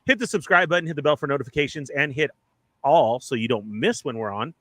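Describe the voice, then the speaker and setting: A man co-hosting a live toy podcast in casual chat, upbeat and joking as he runs through plugs and shout-outs. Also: fairly high pitch, fast, no echo.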